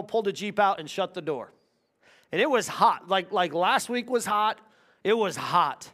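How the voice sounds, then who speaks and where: Man, high voice, pastor, sermon, earnest storytelling, moves between loud passages and hushed ones.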